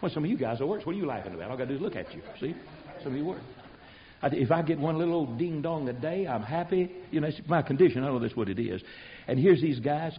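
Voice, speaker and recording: A man preaching an animated sermon, telling the story in a folksy way and swinging from loud to hushed. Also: a little high, quick pace. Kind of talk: animated sermon with acted-out voices. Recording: dull lo-fi sermon recording.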